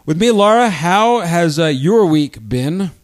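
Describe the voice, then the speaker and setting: A middle-aged man, a teacher and podcast co-host, telling stories in an animated, laughing way. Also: high-pitched, measured pace. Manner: animated storyteller, laughs often. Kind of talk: casual storytelling chat.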